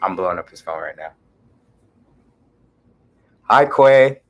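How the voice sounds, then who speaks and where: A young man hosting a casual livestream, greeting viewers by name in a relaxed, laid-back way. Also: deep voice, slow, highs cut off, a little hiss or hum. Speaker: livestream host.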